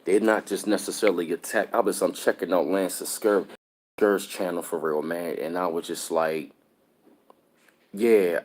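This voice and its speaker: Male streamer, very low pitch, somber and disturbed, rambling casual delivery. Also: darkish tone. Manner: repetitive, somber, greets chat viewers mid-sentence. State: upset and disturbed. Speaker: live stream host. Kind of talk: casual live stream talk.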